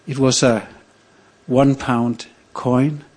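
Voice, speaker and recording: An older man from Denmark, telling a personal story on stage in a measured, reflective way with pauses. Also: mid-range voice, flat delivery, a little mellow. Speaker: storyteller, priest.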